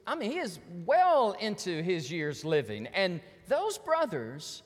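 A man's voice: high voice, huge pitch swings, measured pace, long reverb tail. A man preaching a sermon as pastor, telling stories animatedly and acting out the voices of the people in them.

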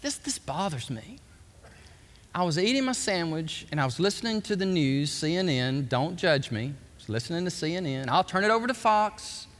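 A male pastor preaching a sermon, with animated shouts and quick drops to asides. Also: fairly high pitch, big-room sound.

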